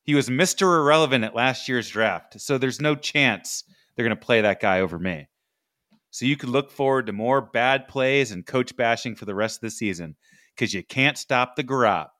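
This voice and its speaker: A man's voice: medium pitch, moderate pace, a bit bright, no room sound, clean studio sound, natural voice. A man reading a letter as a smug, taunting male football quarterback. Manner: taunting, mocking delivery.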